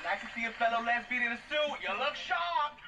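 A man's voice: very high voice, lively intonation, a little fast. A man playing a brash, wisecracking middle-aged lesbian comedian in a comic celebrity impression. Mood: brash teasing. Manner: brash, teasing, loud cackling. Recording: distant TV audio under loud music.

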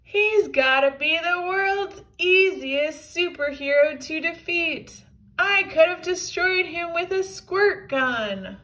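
A woman voicing a loud, gloating male villain who shouts his lines. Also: very high-pitched, slow, voice pushed up, heavily acted, poor audio. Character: loud boastful male villain robot-suited.

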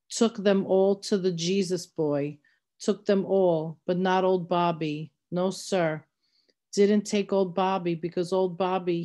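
Woman voicing an old frontier man, addled, sing-song, repetitive, dreamy, lowish voice, storybook reading. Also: mellow. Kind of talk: reading a novel aloud.

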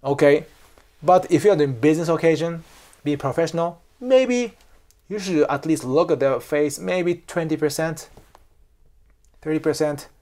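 A man from Japan with a Japanese accent, hosting a lesson and explaining to camera in an animated way, often checking in with "okay?". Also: a little high, unhurried, pauses often. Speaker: host teaching culture. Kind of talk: explanatory vlog talk to camera.

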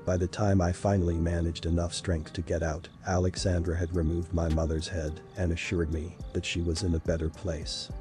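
A man reading a first-person horror story aloud in a steady, unhurried narration. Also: low voice. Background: faint background music.

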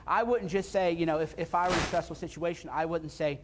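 A man's voice: a little high, fast, background noise. A man speaking casually and bluntly to a live seminar audience, repeating points for emphasis. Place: seminar room before an audience.

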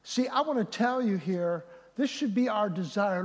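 A man preaching a live sermon as pastor, going from loud emphatic peaks to quiet low passages. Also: expressive, normal speed, hardly any pauses. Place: church sanctuary. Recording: reverberant church hall.

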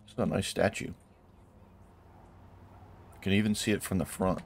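A man with a deep, low-pitched voice talks through his gameplay in a casual let's-play style. He chuckles often and blurts out surprised exclamations as things happen on screen. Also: moderate pace, long pauses. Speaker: gameplay commentator.

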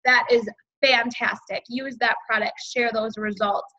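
A woman's voice: fairly high pitch, flat delivery, a little slow, sharp tone. A woman leading a team sales training over a video call, upbeat and chatty with lots of fillers. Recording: dull lo-fi video call audio.

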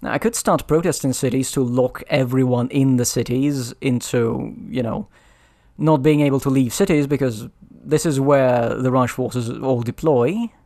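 A man's voice: mid-range voice, normal speed, dark tone. A man playing a strategy board game on his own, thinking aloud and muttering over the rules as he decides his moves. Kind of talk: solo board game playthrough commentary.

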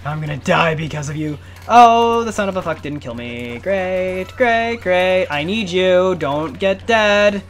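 A man's voice: sits high, measured pace, few pauses, slight background noise. A man giving let's play commentary, talking to himself and his viewers in a running stream, with panicky outbursts and cursing. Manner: excitable, panicky outbursts and cursing while playing. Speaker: gaming channel host. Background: faint game music.

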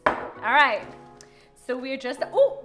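Speaking slowly in a high voice with big pitch swings, a young woman cooks in her home kitchen and coaches her partner through a recipe. The casual lesson is upbeat and teasing, set over background music.

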